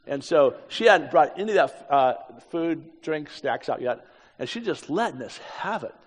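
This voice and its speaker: A man's voice: on the high side, animated, normal speed. A man in his fifties from the United States, telling a story in a sermon with casual, self-deprecating asides. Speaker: preacher. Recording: echoey hall.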